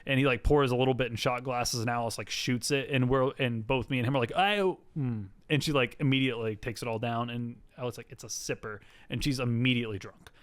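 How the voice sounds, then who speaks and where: Smooth-voiced man, rambling recap. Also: medium pitch, little pitch movement, quick pace, few pauses, dry recording. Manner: rambling, filler-heavy storytelling that acts out the characters' lines. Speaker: podcast co-host recapping a TV episode. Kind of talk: casual chat.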